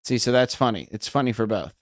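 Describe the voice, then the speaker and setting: A man's voice: mid-range voice, fast, dry recording, studio quality. An American man rehearsing stand-up on a live stream, rambling and self-mocking and starting his lines over again and again. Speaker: streamer trying out stand-up jokes.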